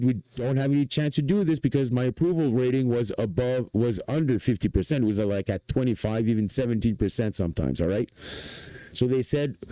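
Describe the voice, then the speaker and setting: A man from Canada with a Quebec French accent, ranting excitably on a livestream, swearing and saying "man" again and again. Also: mid-range voice, no echo. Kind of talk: casual livestream rant.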